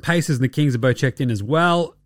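A man's voice: medium pitch, fairly quick, dry recording, studio quality, faint music behind. A young Australian man hosting a casual basketball podcast, sarcastic and profane, often putting on mocking voices for the people he talks about. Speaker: podcast host. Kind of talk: casual sports commentary.

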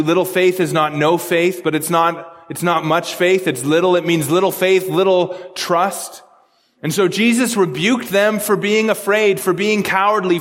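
High-voiced man preaching in an echoing hall. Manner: earnest, repeats words while explaining scripture. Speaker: pastor. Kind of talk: sermon.

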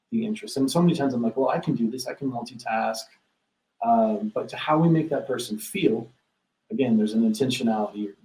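A man's voice: mid-range voice, a little mellow, reverberant, low-quality recording. A man hosting a casual business talk, earnest, often repeating words as he starts a sentence. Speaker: podcast host.

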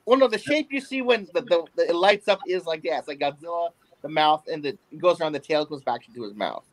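Brief: male co-host, steady storyteller, dry close mic. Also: fairly high pitch, fast talker, no echo, poor audio. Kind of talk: casual movie discussion.

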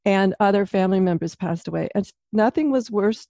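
A woman sharing anecdotes in a thoughtful, measured way during a conversation. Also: medium pitch, mellow, no room sound. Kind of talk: casual conversation.

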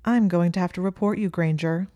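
A woman's voice: on the low side, steady tone, fairly quick, dark tone, dry recording, close to an everyday voice. A woman voicing a smug, snide teenage girl prefect.

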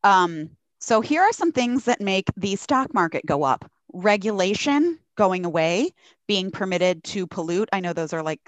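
A woman's voice: medium pitch, no room sound. A woman co-hosting a podcast, ranting casually and profanely about politics. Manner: profane, animated storytelling. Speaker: podcast co-host.

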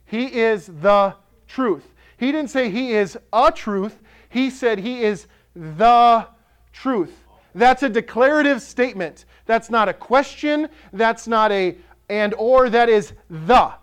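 High-voiced impassioned male pastor preaching. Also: clean tone. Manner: impassioned, rising to emphatic declarations. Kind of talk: sermon.

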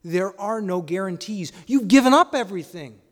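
Man, preacher, sermon, rhetorical questions, loud and hushed by turns, slightly high voice, long hall reverb. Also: lively intonation, normal speed.

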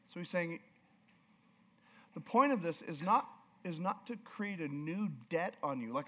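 A man's voice: on the high side, lively intonation, a little slow, a bit bright. A male pastor preaching a sermon with emphatic, repeated phrases.

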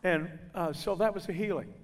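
A man's voice: high-pitched, moderate pace. A man preaching in a church, telling a personal testimony and acting out the people he quotes. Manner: storytelling, acting out quoted voices. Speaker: guest preacher. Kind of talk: sermon testimony. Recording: reverberant church hall.

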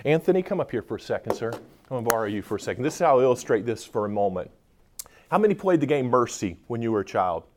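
A man's voice: mid-range voice, big pitch swings, quick pace, a little hiss or hum. A man speaking at a conference in front of a live audience, joking and bantering with the people in the room.

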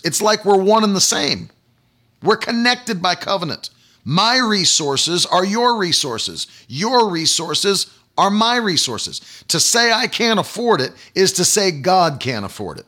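A man's voice: high voice, sharp tone. A male evangelist preaching a sermon from his home, with an emphatic, repetitive cadence.

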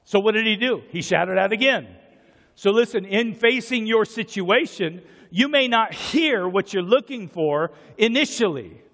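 A male pastor preaching a passionate sermon to a church congregation, often raising his voice to a shout. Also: high voice, lively intonation, a little slow. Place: church sanctuary. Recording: church sanctuary with long reverb.

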